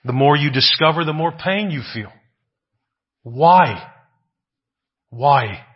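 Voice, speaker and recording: A man's voice: on the high side, animated, slow, slightly rough, highs cut off. A man preaching a sermon, asking rhetorical questions, often adding "right?" and repeating phrases for emphasis.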